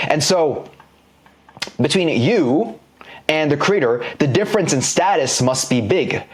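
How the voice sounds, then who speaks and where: A man teaching an online business course in a casual, slangy lecture style, explaining ideas by drawing examples on a board. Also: mid-range voice.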